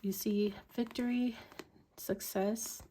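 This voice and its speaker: A woman doing a tarot reading, musing slowly with many ums and likes. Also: medium pitch, fairly even intonation, mellow, a little hiss or hum. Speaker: tarot reader.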